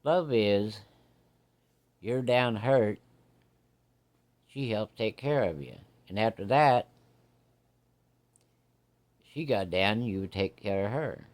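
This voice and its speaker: A man's voice: lowish voice, a little mellow. A man doing a fatherly frontier doctor. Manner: folksy, homespun, fatherly. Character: kindly, plainspoken old frontier doctor.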